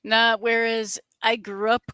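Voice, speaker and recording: Brief: woman co-host, light Boston accent, dry mic, halting casual talk. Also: on the high side, level tone, pushed and bright, smooth, no room sound. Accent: mild Boston. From north of Boston. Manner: hesitant, many false starts and fillers. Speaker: podcast co-host. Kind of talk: casual chat.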